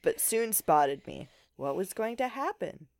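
A woman's voice: medium pitch, big pitch swings, unhurried, crowd noise. A young woman co-hosting a comedy podcast, making sarcastic, swearing comments and laughing a lot. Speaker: podcast co-host.

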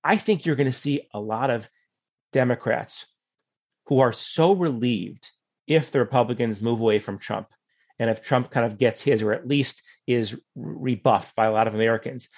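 A man talks through political analysis at an even middle pitch. He is thoughtful and measured, stacking qualifications and asides as he reasons. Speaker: political commentator guest.

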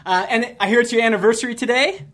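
A man's voice: very high voice, fast, a bit bright. A Canadian man hosting a podcast, chatting loosely and laughing easily with his guest. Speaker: podcast host. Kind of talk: casual podcast conversation.

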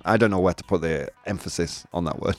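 A man's voice: sits low, fast, no echo, soft background music. A man hosting a live show in casual chat, playful and laughing, mixing in Spanish phrases. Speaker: host of a live daily show. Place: studio in Madrid.

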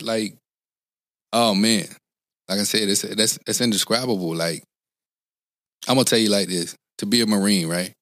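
A man's voice: sits low, a bit bright, no room sound. A man in his forties, a former Marine, talking earnestly in an interview, rambling with frequent restarts. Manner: earnest, rambling, frequent restarts and "you know what I'm saying". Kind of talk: casual interview talk.

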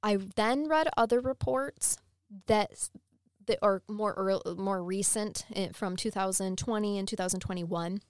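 A woman co-hosting a podcast, telling a true-crime story in a chatty, animated way and laughing often. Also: medium pitch, a little slow, smooth, dry recording, studio quality. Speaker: podcast co-host.

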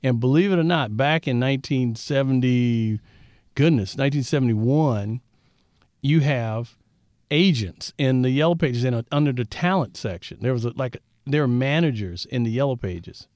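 Telling stories as an interview guest, this Southern Californian man in his fifties performs the quoted dialogue with lively animation. He speaks in a mid-range voice at a normal pace, recorded without echo.

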